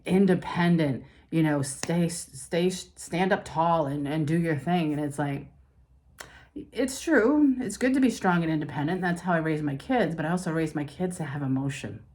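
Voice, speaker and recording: A middle-aged woman with a low voice talks as a spiritual life coach. She is candid and confiding, working through her feelings out loud. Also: normal speed. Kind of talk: personal talk to camera.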